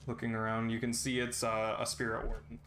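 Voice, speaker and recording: A man narrating a tabletop game as game master in a relaxed, steady way with frequent fillers. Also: fairly low pitch, a little fast, reverberant.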